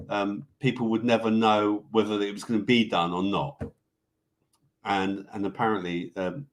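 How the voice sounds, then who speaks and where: A man with a somewhat low voice hosts a casual live stream. He rambles through viewer comments in an offhand, loose way, with swearing thrown in. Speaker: live show host reading viewer comments. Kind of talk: casual livestream chat.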